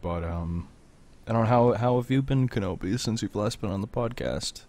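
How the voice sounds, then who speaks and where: A man's voice: lowish voice, normal speed, darkish tone. A teenage young man hosting a podcast in casual chat, rambling and laughing as he talks. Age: teens. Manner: rambling, laughs often, eats while talking. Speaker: podcast host.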